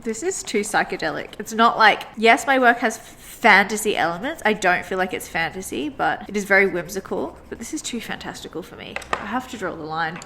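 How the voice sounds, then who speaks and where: A woman's voice: medium pitch, animated, brisk, few pauses, bright, forceful tone, a little hiss or hum. A young woman illustrator chatting casually to viewers while she sketches, rambling and full of "like" fillers. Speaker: illustrator and vlogger. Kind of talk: casual sketch-and-chat monologue. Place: home desk by a sunny window.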